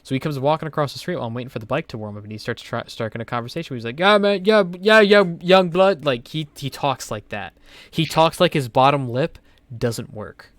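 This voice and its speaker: A young man hosts a casual podcast. His voice sits at an ordinary middle pitch, and the sound is dry and close. He tells rambling stories full of fillers and swearing. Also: quick pace, no room sound. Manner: rambling, profane storytelling with many fillers. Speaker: podcast host.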